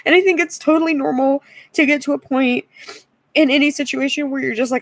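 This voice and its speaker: A woman's voice: sits high, fairly even intonation, a little fast. A woman in her twenties venting in a tired, frustrated vlog rant, often repeating herself. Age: 20s. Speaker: YouTuber.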